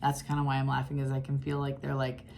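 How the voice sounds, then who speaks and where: A woman's voice: rumbling low, monotone, fast, vocal fry, a little mellow, slight background noise. A woman giving a casual tarot reading straight to her viewers, chatty and blunt, often restarting her sentences. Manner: chatty and blunt, with frequent restarts and sudden laughs. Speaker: tarot reader.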